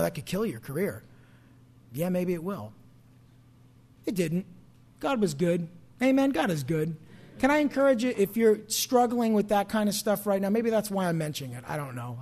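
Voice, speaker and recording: A man's voice: high voice, darkish tone. A man preaching a sermon as pastor, talking conversationally and asking the congregation questions.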